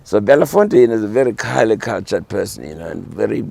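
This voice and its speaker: Guest, man, 70s, gravelly rambling storyteller, fillers and restarts. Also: on the low side, fast talker. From South Africa. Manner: animated, full of fillers and restarts. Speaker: guest musician. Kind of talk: casual storytelling.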